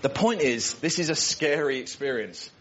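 A man's voice: fairly high pitch, lively intonation, moderate pace, a bit bright. A man preaching a sermon, earnest and emphatic, often repeating words as he builds a point. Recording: dull lo-fi recording.

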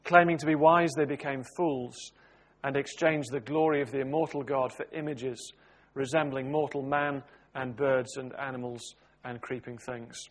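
A man leading a Bible study, praying and then reading scripture aloud in a measured, steady way. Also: mid-range voice. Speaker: preacher.

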